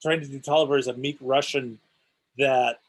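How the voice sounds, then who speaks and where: A man voice actor in a casual video-call panel who talks haltingly, stammering at the start of his phrases. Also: medium pitch, fairly even intonation.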